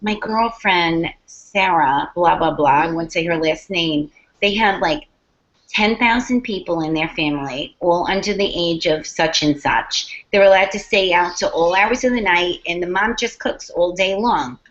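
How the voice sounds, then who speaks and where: A woman author talks in an interview, swearing freely and acting out quotes as she tells her stories. Her voice sits a little low. The audio is dull and lo-fi. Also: moderate pace. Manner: animated storyteller, profane, acts out quotes. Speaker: author guest. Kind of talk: casual interview chat.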